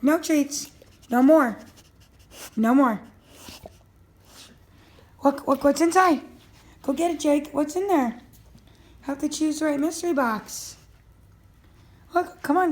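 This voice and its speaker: A woman filming her dog at home, narrating casually and coaxing him with eager, encouraging talk. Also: high voice. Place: at home, indoors.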